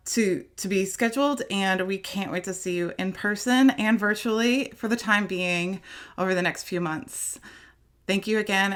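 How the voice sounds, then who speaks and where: A woman's voice: medium pitch, a bit bright. A woman giving scripted closing remarks as president of a professional group, reading out thanks and announcements. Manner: reads a list of thanks and announcements steadily. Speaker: organization president.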